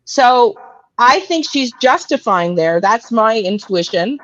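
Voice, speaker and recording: A woman's voice: fairly high pitch, animated, slow pace, fairly bright tone, dull audio. A woman hosting a live true crime stream, blunt and profane, who keeps checking in with "okay?" and "right?". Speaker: true crime analyst host. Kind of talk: casual live-stream commentary.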